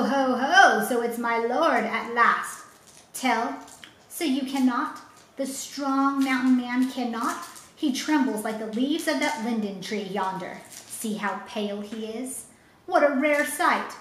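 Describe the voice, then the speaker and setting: A woman's voice: a little high, a little hiss or hum, close to an everyday voice. A woman voicing a cruel, scornful male governor who mocks and threatens, in a storybook reading. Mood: mocking. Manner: mocking, gloating. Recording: roomy echo.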